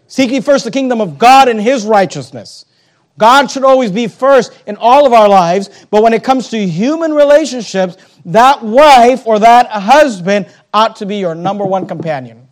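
A man's voice: sits high, lively intonation, normal speed. A man preaching a sermon as pastor, emphatic and conversational, repeating phrases and turning aside to address the congregation directly.

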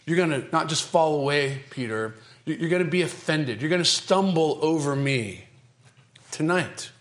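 A man's voice: on the high side, animated, normal speed. A man, a pastor, preaching a sermon with dramatic emphasis, repeating phrases and asking the congregation rhetorical questions. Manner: dramatic, emphatic delivery with repetition and sudden shifts in pace and loudness.

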